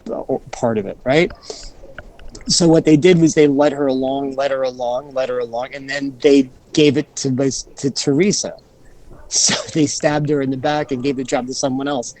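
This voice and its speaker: A man, a podcast guest, tells a personal story in an animated way, often restarting and repeating phrases and acting out what he said at the time. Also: mid-range voice, low-quality recording. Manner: animated, restarts and repeats phrases, acts out his own quoted reactions.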